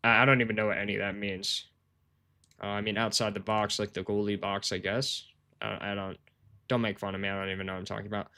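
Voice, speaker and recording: His voice is lowish, flat, quick, sharp, and smooth as he streams sports betting research. He chats loosely with viewers, rambling in slang, saying "bro" a lot, laughing often, and putting himself down.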